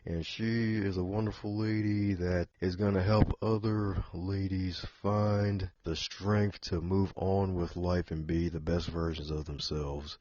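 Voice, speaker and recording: A man's voice: low-pitched, steady tone, measured pace, hardly any pauses, dark tone, dry recording, highs cut off. A man hosting a podcast interview in a playful cowboy-style drawl, chatting casually. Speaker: podcast host.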